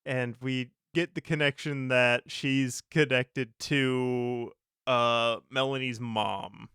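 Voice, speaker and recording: A man's voice: mid-range voice, steady tone, slow, fairly bright tone, smooth, dry recording, studio quality. A man co-hosting a podcast, chatting loosely about a movie and laughing often. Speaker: podcast co-host. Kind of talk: casual movie recap chat.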